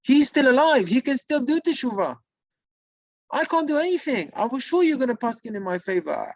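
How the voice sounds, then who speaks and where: A man voicing the crying spirit of a dead man who pleads desperately in a high, tearful voice. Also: big pitch swings, normal speed, no room sound, exaggerated voice. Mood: desperate pleading.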